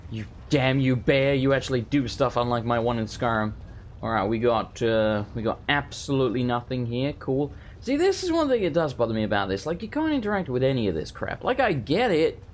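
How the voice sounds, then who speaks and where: A man's voice: mid-range voice, big pitch swings, brisk, slight background noise. A man losing his voice, giving casual, rambling gameplay commentary as a let's play host and swearing offhandedly.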